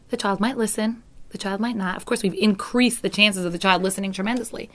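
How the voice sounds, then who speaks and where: A woman's voice: mid-range voice, fast talker, fairly bright tone. Earnest woman parenting educator. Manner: earnest, acts out teacher voices in quotes. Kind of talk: talk to parents.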